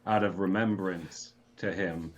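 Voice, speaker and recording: A man's voice: sits low, fairly even intonation, a little slow, slight background noise. A man playing in a tabletop game, making dry joking asides in character. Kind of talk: tabletop role-play.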